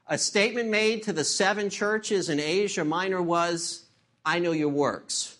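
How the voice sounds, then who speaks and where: A man's voice: high-pitched, a little slow, a bit bright. A male pastor delivering a sermon, opening with a joke and closing in prayer. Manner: tells a joke, then preaches and prays.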